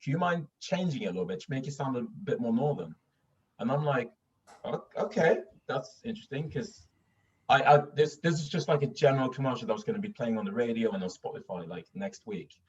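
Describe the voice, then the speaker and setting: Speaking quickly and expressively, this young northern English voice actor has a medium pitch and a slightly mellow sound. His well-spoken accent carries casual interview storytelling full of fillers and restarts. The dull, distant recording has a little hiss or hum.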